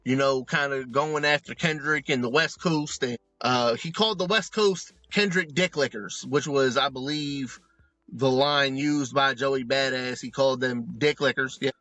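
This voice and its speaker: A man co-hosting a comedy podcast, talking in an animated, profane, joking way. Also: mid-range voice, unhurried, no echo, lo-fi sound. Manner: animated, profane, joking, does mock voices in asides. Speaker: podcast co-host. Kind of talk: casual comedic commentary. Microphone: remote recording, close mic.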